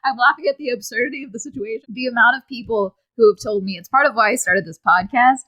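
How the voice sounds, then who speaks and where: A young woman hosting a casual podcast, excitable and high strung, often laughing as she reads listener stories. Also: fast talker, poor audio. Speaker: podcast host.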